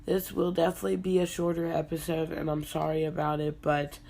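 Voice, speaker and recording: A young woman hosting a casual solo podcast, congested and hoarse from being sick, talking in a low-energy, laid-back way. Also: completely flat delivery, brisk, mellow. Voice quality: hoarse, husky from illness. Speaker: podcast host.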